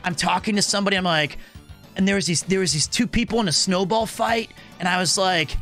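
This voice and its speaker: Soft background music plays as this high-pitched streamer, bright and forceful, tells a story briskly on his livestream. He stays animated the whole way, swearing freely, speaking casually and performing the voices of those he quotes.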